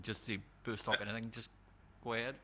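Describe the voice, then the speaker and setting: A man's voice: on the low side, flat delivery, brisk, pushed and bright. A man with a Scottish accent hosting a casual podcast, stumbling over words, repeating himself and swearing casually. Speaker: podcast host.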